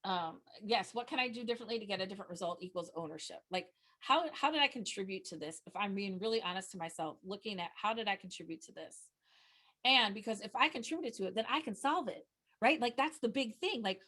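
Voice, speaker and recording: Speaking close to the microphone, a middle-aged nonprofit communication trainer presents a webinar in an earnest, talkative way. She frequently starts her sentences over, and excitement sends her pitch leaping upward.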